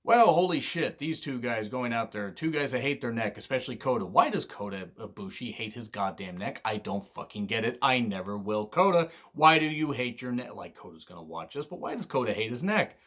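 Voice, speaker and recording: A man casually talking through his favorite wrestling matches, candid and excitable, swearing freely. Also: mid-range voice, fairly quick, hardly any pauses. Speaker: wrestling reviewer. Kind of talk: casual commentary vlog.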